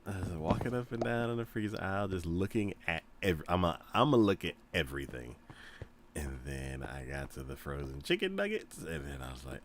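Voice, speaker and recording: Male gaming host, low and bright, slow and very expressive, laughs often, casual storyteller. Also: slight background noise. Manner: laughs often, retells scenes in animated voices. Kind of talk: casual chat while gaming.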